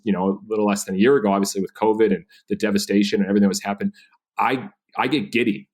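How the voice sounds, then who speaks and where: Fast-talking energetic man. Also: on the low side. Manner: energetic, animated storyteller. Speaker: guest. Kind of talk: storytelling interview.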